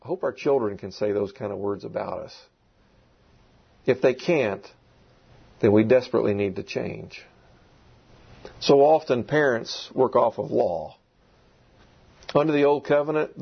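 Gravelly, husky male preacher. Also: medium pitch. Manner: emphatic, repeating key words. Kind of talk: sermon. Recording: dull lo-fi recording.

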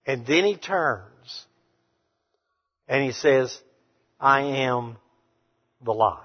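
A man preaching a sermon to a congregation, emphatic, swinging between hushed and loud passages. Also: mid-range voice, expressive, slow, pauses often, breathy edge. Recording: reverberant hall, dull sound.

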